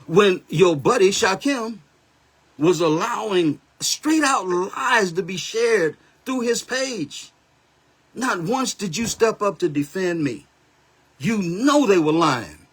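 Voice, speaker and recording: A man's voice: high voice, expressive, takes it slowly, fairly bright tone, breathy edge. A man in his seventies, a pastor hosting a Facebook live, talking bluntly and confrontationally in a heated, street-style rant. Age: 70s. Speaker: pastor and livestream host. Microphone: phone or webcam livestream.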